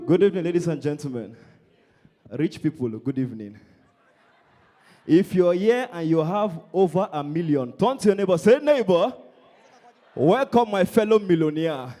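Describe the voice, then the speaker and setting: A man doing stand-up comedy on stage, loud and brash with the crowd. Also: a little high, lively intonation, moderate pace, long pauses.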